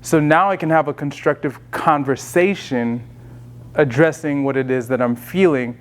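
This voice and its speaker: A man's voice: on the high side, normal speed. Easygoing man giving a self-care talk. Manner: conversational, relaxed, with many fillers and restarts. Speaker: speaker leading a self-care session. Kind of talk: casual teaching talk.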